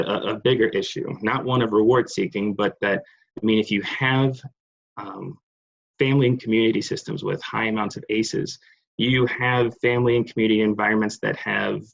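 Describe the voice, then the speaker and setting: A man giving an online clinical lecture over slides, rambling with many fillers, restarts and apologies. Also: vocal fry. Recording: muffled, low-fidelity online session audio.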